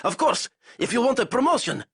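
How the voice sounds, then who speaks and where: A man voicing a cruel, ambitious Soviet colonel who shouts his commands in a husky, strained voice. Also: a little high, big pitch swings, normal speed, no echo, clean studio sound, pitched above the performer's own voice, exaggerated voice. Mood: rattled.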